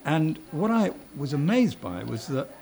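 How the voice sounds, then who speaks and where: Gravelly-voiced male interviewer. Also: fairly high pitch, sing-song, measured pace, a little mellow. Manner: prompting, summarizing the guest's life story. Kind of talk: interview questions.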